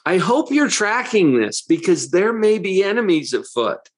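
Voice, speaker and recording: A man's voice: sits high, big pitch swings, moderate pace. A man who works as a psychologist giving a motivational talk, full of rhetorical questions, with a conversational and emphatic manner.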